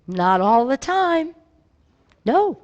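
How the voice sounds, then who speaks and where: A woman pastor preaching slowly and gently, her voice sitting a little high. She tells stories in a reflective, unhurried way, and a long hall reverb trails behind her. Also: sing-song, lo-fi sound. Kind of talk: sermon. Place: church sanctuary.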